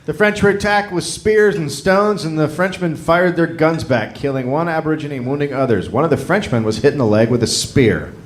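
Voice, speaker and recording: A man's voice: a little high, a little fast, few pauses, a little hiss or hum. A man hosting a live comedy podcast, reading a history story from notes with crude jokes and laughter. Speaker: podcast host telling the story.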